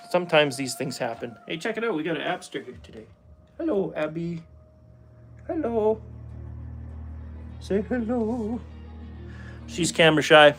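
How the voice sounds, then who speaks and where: This Calgary man has a slightly high, somewhat bright voice with vocal fry and an Albertan Canadian accent. He opens trading card packs in a laid-back chat with viewers, chuckling often as he talks to them.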